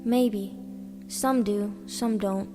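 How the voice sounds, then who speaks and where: A woman voicing a gentle young girl who guides a boy through a dream world, earnest and reassuring. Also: mid-range voice, fairly even intonation, drawn-out words. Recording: reverberant with background music.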